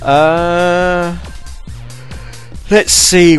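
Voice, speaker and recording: A man's voice: high-pitched, expressive, takes it slowly, long pauses, faint music behind. A man hosting a podcast alone, rambling and self-deprecating, with many fillers and restarts. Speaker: podcast host. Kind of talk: casual solo podcast chat.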